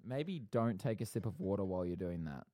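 A young adult man co-hosts a podcast, chatting casually in a playful, good-humored way and laughing easily. His voice sits low and is animated, fairly quick and mellow.

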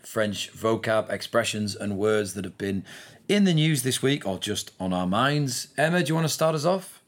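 Low-voiced man hosting a news podcast. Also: lively intonation, normal speed. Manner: chatty, self-mocking, laughs easily. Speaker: podcast host. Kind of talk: casual news podcast chat.

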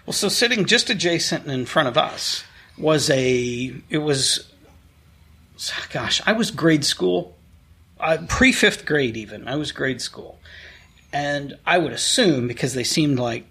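A middle-aged man co-hosting a podcast, telling stories in a wry, deadpan way with bursts of laughter. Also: on the high side, unhurried, husky. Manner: wry, deadpan storyteller who breaks into laughter. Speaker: podcast co-host. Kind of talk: casual storytelling chat.

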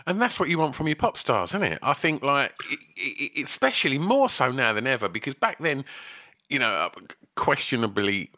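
A podcast host talks in a bright, animated voice, stumbling and searching for words. His pitch rises and falls a lot, and the sound is dry and close. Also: fairly quick, no room sound. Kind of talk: casual chat interview.

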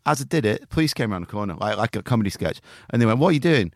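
A man's voice: on the low side, animated, very fast, vocal fry, no echo, clean studio sound. A man, co-hosting a crude comedy podcast and rambling through jokey stories. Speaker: podcast co-host. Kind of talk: crude casual chat.

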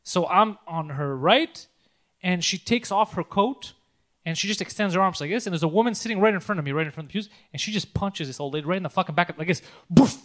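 A man co-hosting a casual podcast, telling animated, profanity-laced stories and laughing often. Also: sits high, quick pace. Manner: animated storytelling, swears a lot, laughs often. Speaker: podcast co-host.

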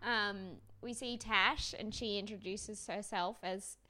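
A woman's voice: mid-range voice, steady tone, slow pace, bright, forceful tone, a little hiss or hum. A woman co-hosting a podcast, chatting casually and jokily while recapping a TV show. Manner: giggly, blunt and jokey. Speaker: podcast co-host.

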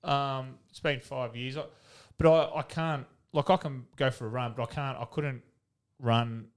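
An unhurried, smooth, mid-range voice with fairly even intonation belongs to an Australian-accented man in his thirties. A retired footballer and podcast guest, he swears, laughs, and tells candid stories that ramble casually.

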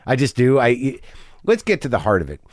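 A man's voice: mid-range voice, wildly swooping pitch, brisk, dry recording, studio quality. A middle-aged man hosting a podcast, talking in a manic, rambling, profane confessional monologue. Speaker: podcast host.

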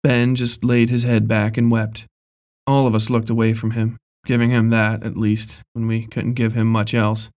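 A man reading a horror story aloud in a measured, even storytelling voice. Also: lowish voice. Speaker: narrator. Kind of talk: scripted horror story narration.

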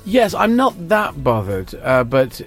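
A man's voice: on the high side, wildly swooping pitch, slow pace, a bit bright, soft background music. A man with an English accent answering interview questions in a rambling, hesitant way, often correcting himself. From England. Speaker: guest, comedian and politician.

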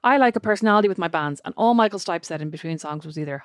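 A woman's voice: on the low side, animated, rapid-fire, dry recording, studio quality. An Irish woman co-hosting a podcast, chatting casually and reading out listener messages with a wry tone. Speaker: podcast co-host. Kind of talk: casual chat.

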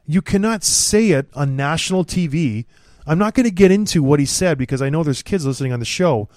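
A man's voice: fairly high pitch, lively intonation, brisk, darkish tone, no echo. A man co-hosting a casual podcast, ranting bluntly and with open mockery about the people he discusses. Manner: blunt, opinionated, mocking ranter. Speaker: podcast co-host. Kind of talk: casual hockey podcast chat.

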